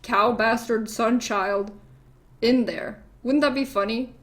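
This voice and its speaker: A petty male king floating a cruel plan as if it were a joke, played by a woman. The voice stays near her own, fairly high and slow-paced. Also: a bit bright. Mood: scheming. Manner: scheming, mock-casual.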